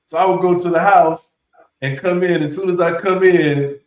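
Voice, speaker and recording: Brief: laid-back man, slightly high voice, echoey room, off-mic. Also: fairly even intonation, moderate pace, a little mellow, distant mic. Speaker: instructor. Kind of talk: casual storytelling.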